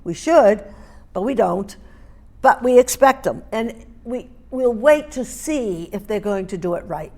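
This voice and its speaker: A woman's voice: medium pitch, lively intonation, unhurried, mellow. A middle-aged woman teaching dog training, speaking emphatically, repeating key points and checking in with her listeners. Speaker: dog grooming and training instructor. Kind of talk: hands-on teaching demonstration.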